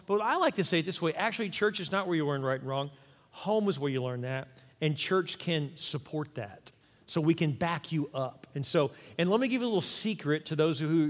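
A middle-aged male pastor preaching in a church sanctuary with a fairly high voice. He keeps it conversational and animated and acts out little quotes. His words ring on in a long hall reverb. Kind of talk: sermon.

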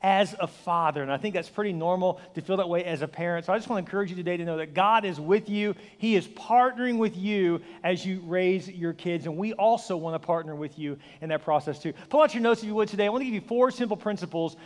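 Fast-talking high-voiced male pastor. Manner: energetic storytelling with acted voices and self-deprecating humor. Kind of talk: sermon. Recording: long hall reverb.

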